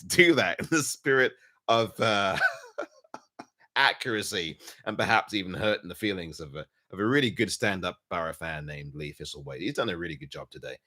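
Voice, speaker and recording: A man's voice: mid-range voice, pushed and bright. A man with an English accent hosting a casual post-match football chat, laughing at his own slip-ups and teasing himself by name. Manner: self-mocking, talks to himself by name. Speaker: podcast host.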